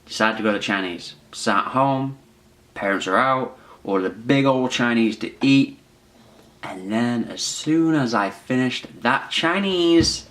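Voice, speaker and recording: This twenty-something man vlogs a personal anecdote in a chatty, rambling, self-deprecating style. His mid-range voice is animated and a bit bright, moving at a measured pace.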